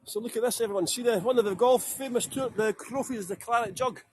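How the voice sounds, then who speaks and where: A man's voice: extremely high pitch, quick pace, slight background noise. A Scottish man guiding a live-streamed walking tour outdoors, chatty and jokey, greeting viewers by name. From Scotland. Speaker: tour guide. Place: outdoors on town streets.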